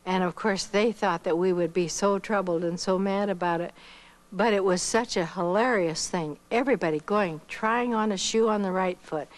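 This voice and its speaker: An older woman from Iowa giving a missionary testimony, telling her story with lively acted-out dialogue. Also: mid-range voice, normal speed, poor audio. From Iowa, United States. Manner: animated storyteller who acts out quoted dialogue.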